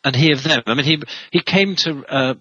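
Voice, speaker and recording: A man's voice: fairly high pitch, fairly quick, bright, forceful tone, husky, no room sound, lo-fi sound. A man answers an interview question, telling a long story with frequent fillers and restarts. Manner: rambling, many restarts and fillers. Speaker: historian guest.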